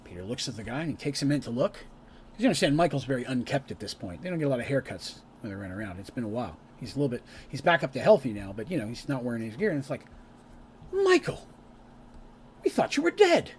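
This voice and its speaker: A man's voice: medium pitch, animated, racing, a little hiss or hum. A man casually recapping a tabletop campaign, rambling with chatty asides and restarts.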